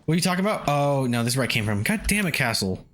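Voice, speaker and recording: A young man streaming a video game, chatting with viewers, swearing and yelling at the game in between. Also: medium pitch, very fast. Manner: animated, swears and yelps at the game, laughs often. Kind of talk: casual gameplay livestream chat.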